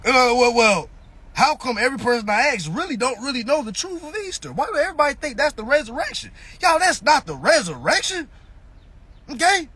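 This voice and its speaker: A man's voice: extremely high pitch, big pitch swings, a little fast, bright, forceful tone, husky. A man in a casual ranting monologue on a phone live stream, mocking and profane, firing off rhetorical questions.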